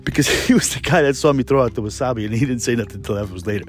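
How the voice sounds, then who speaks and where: A man's voice: mid-range voice, rapid-fire, faint music behind. A young man hosting a podcast, telling work stories in a rambling, profane, laid-back way. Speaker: podcast host, restaurant cook. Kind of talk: casual solo storytelling.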